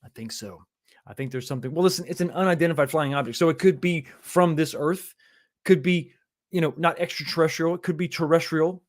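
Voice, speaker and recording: Guy in his 40s, slightly higher voice, laid back livestream chatter, chuckles a lot. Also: brisk. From Texas, USA. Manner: chatty and easygoing, with frequent chuckles and repeated phrases. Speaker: livestream host. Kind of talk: casual livestream chat, reading viewer comments.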